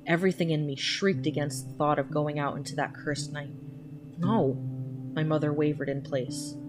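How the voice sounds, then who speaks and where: Low-voiced woman narrating horror. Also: steady tone, brisk. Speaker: podcast storyteller. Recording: music playing under the voice.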